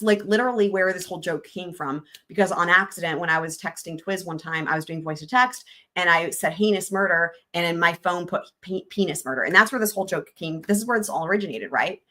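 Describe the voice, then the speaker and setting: Woman streamer, bright and forceful voice, jokey, giggles through legal readings. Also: on the low side. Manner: giggly, jokey, trails off into laughter. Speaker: livestream host. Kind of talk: casual livestream commentary reading court filings.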